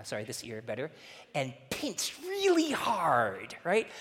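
A man preaching a sermon as pastor, talking conversationally and telling lively stories. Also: mid-range voice. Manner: conversational, animated storytelling with laughs. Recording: reverberant hall.

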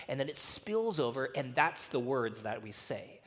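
Male preacher, casual and chatty, mid-pitched, long hall reverb. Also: expressive, measured pace, hardly any pauses. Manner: chatty, laughing, frequent fillers and "right?". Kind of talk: casual sermon with personal stories.

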